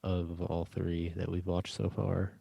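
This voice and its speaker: A man's voice: low-pitched, completely flat delivery, a little slow, gravelly, warm tone, slightly rough, no echo. A man co-hosting a casual podcast chat, easygoing and mostly agreeing with the others. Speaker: podcast co-host.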